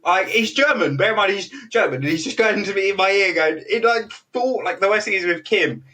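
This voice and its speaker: A young British man telling funny stories in a relaxed chat, laughing and acting out what people said. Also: high voice, fairly quick. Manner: chatty, laughing storyteller, full of fillers and quoted voices. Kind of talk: casual anecdote telling. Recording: voice a bit distant from the mic.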